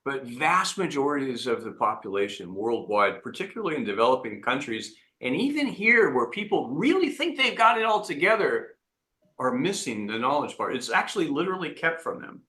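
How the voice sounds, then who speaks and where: Earnest man with a bright voice. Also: mid-range voice, very animated, roomy sound. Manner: earnest, halting with restarts. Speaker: entrepreneur guest. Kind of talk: reflective interview talk.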